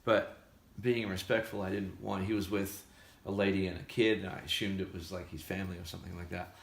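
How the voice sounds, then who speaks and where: An Australian musician chats casually in an echoey room, his low, creaky voice level in tone and a little fast. He animatedly tells a story, acting out the voices of the people in it.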